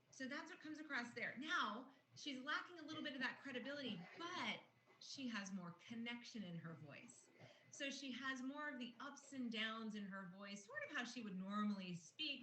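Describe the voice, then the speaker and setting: Woman trainer, conversational explainer; roomy recording with steady background noise. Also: mid-range voice. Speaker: communication trainer. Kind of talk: online training lesson.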